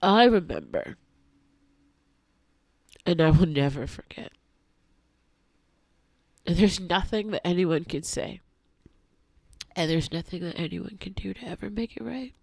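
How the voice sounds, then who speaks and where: A woman vlogger in an angry confessional rant, heavy with swearing, swinging between hushed whispers and shouting. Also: on the low side, lively intonation, measured pace, creaky, long pauses, no echo.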